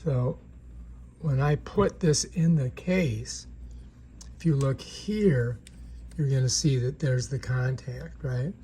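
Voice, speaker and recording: Man, casual gadget demo, chatty, mid-pitched voice, faint background noise. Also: slow pace, warm tone. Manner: chatty, keeps checking in with "right?". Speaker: product reviewer. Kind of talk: casual product demonstration. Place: indoor room.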